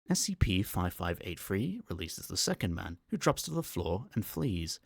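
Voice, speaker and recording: In a low, creaky, husky voice, a man narrates a horror story for ASMR on a close microphone. His reading is calm, measured, and matter-of-fact, with no echo.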